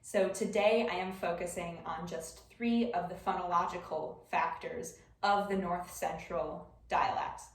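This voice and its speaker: A woman's voice: on the low side, steady tone, a little slow, hardly any pauses. A young adult woman giving a class presentation, explaining step by step with scattered ums. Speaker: student presenter. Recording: roomy echo, voice far from the mic.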